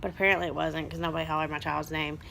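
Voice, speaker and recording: A mother in her thirties telling a story in a rambling, animated vlog and turning aside to her children. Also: low-pitched, racing, gravelly, a little hiss or hum. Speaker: mother vlogger.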